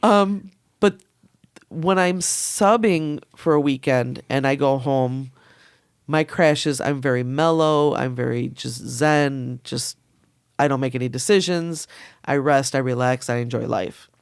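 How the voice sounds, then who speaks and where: Chatty woman guest, smooth clear voice, dry close mic, laughs a lot, talks in quick bursts. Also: rumbling low, dry recording. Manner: candid, laughing, fast bursts. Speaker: podcast guest. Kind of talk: casual chat.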